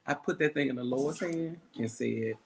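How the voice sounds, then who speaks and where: Low-voiced easygoing woman co-host. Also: normal speed, slight background noise. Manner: easygoing, adds frequent "mm-hmm" and greets viewers. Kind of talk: casual live-stream chat.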